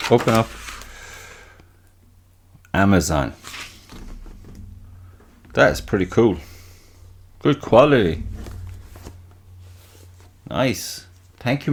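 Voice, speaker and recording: A middle-aged man, hosting a casual solo podcast in a rambling, profane, self-mocking way. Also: sits low. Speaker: podcast host.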